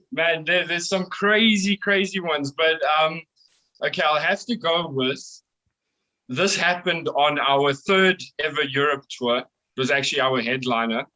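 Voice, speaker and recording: Bright, excitable South African man. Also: a little high, a little slow, rough recording. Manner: excitable, swears a lot, laughs often. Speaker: band vocalist, guest. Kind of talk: casual storytelling.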